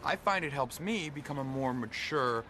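A man's voice: medium pitch, animated, moderate pace, very noisy. A man in a sitcom, joking and sarcastic. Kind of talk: sitcom acting.

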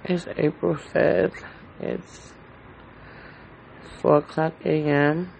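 A man's voice: on the high side, creaky, darkish tone, slight background noise, low-quality recording. A man hosting a casual solo podcast from home, rambling in an anxious, heartfelt way with lots of fillers and swearing. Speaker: podcast host.

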